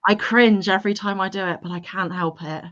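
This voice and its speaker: A woman's voice: mid-range voice, steady tone, brisk, fairly bright tone, highs cut off. A woman from Devon, co-hosting a casual livestream, playful and chatty as she reads out chat messages. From England (Devon). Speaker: livestream co-host. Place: home livestream.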